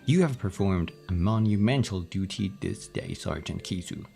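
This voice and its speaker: A man voicing a gruff soldier with a put-on Texas drawl, reading game dialogue. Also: low-pitched, animated, moderate pace, warm tone, faint music behind. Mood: formal. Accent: put-on Southern US drawl.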